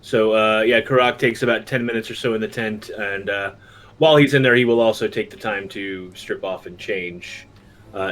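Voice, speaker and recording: A man playing a tabletop game, speaking hesitantly with many pauses and ums. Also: on the low side, fairly bright tone. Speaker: player.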